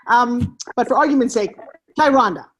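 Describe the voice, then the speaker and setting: A bit of hiss or hum accompanies this distant recording of a woman with a high-leaning voice and a New York accent, speaking at normal speed in an echoey classroom. An on-camera presence coach, she leads a live workshop, directing students through exercises in an animated, coaxing way.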